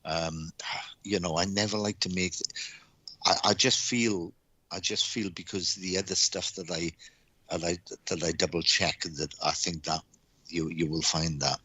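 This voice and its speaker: A man giving live psychic readings on a stream, speaking haltingly with lots of repeated words and restarts. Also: sits low, steady tone, bright, forceful tone, husky, dry recording. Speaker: psychic reader.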